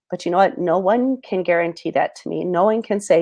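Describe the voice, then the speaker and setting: A woman in her thirties talks straight to her viewers in an earnest, halting way, full of fillers and restarts. Her voice sits a little low, and she sounds close to tears. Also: warm tone. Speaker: host. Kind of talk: personal talk to camera.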